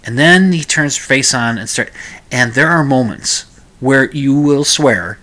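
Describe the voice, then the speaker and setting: Male solo talk-radio host, casual and rambling, mid-pitched voice. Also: sharp tone. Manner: rambling with frequent restarts. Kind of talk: casual solo podcast monologue.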